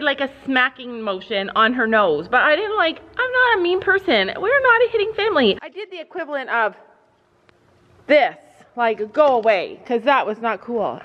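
A middle-aged woman hosting a family vlog from a horse barn, telling a story dramatically and cooing at her horses between sentences. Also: high voice. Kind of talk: casual chatty vlog storytelling. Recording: echoey, slightly dull, faint ambience.

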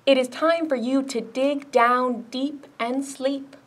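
A woman's voice: high voice, steady tone, takes it slowly. A woman voicing a friendly skunk eager to share news, in a children's picture book read-aloud.

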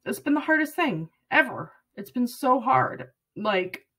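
A woman's voice: high voice, sing-song, unhurried, a bit bright, slightly rough. A woman in her late thirties, talking to the camera in a personal vlog, rambling and earnest and close to tears. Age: 30s. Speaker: vlogger.

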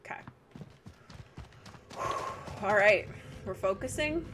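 A young woman streaming a video game, chatting casually, laughing often and breaking into excitable outbursts. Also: medium pitch, slow pace, noisy background. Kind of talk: casual livestream chat while gaming.

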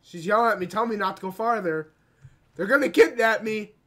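A gaming video creator doing let's play commentary, talking to the game and breaking into dramatic shouts and cries. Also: medium pitch, fairly quick.

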